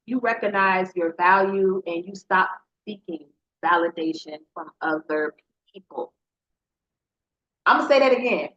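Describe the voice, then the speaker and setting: A woman's voice: medium pitch, fairly bright tone. Earnest woman podcast host, slightly muffled. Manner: earnest, preacher-like, talks straight to listeners. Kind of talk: motivational podcast monologue. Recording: slightly dull lo-fi sound.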